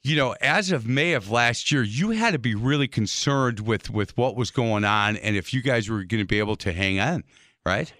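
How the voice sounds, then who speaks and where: A man's voice: medium pitch, moderate pace, dry recording. Man, sports radio host, chatty storyteller, dry studio sound. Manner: chatty storyteller, animated anecdotes.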